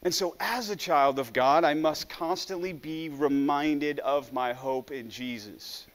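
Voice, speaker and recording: A man's voice: on the high side, a little slow. A man preaching a sermon in an earnest way, often stumbling over the first word of a phrase. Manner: earnest, with frequent stammered restarts.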